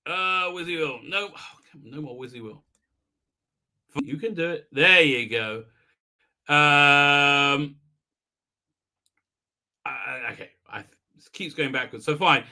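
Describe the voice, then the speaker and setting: Slow and pausing often, a live stream host speaks in a slightly high voice with a sharp tone. He recaps an episode in a meandering, sarcastic way, heavy on fillers, mocking the characters and impersonating them partway through sentences.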